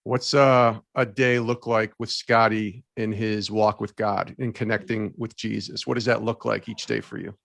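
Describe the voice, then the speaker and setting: A man interviewing a guest, asking slow, measured questions. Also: lowish voice, flat delivery, gravelly, a bit bright, no echo.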